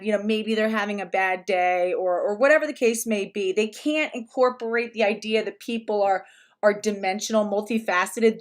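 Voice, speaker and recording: A woman speaking in a casual commentary vlog, rambling along with frequent restarts. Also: fairly high pitch. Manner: rambling, with many restarts and fillers.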